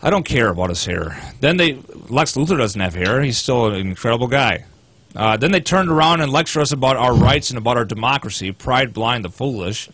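A man's voice: medium pitch, lively intonation, a little fast, a bit bright, breathy edge, no echo. A man co-hosting a casual talk show, reading news articles aloud with sarcastic asides. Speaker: co-host.

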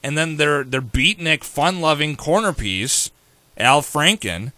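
A man hosting a talk radio show, brash and sarcastic in quick banter with his co-host. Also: fairly high pitch, lively intonation, bright, forceful tone, no room sound. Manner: brash, sarcastic, rapid-fire. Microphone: studio microphone.

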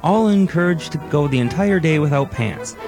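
A man narrating an absurd mock-documentary segment in a deadpan, mock-serious manner, with music behind him. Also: on the high side, normal speed, creaky. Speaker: recorded comedy segment narrator.

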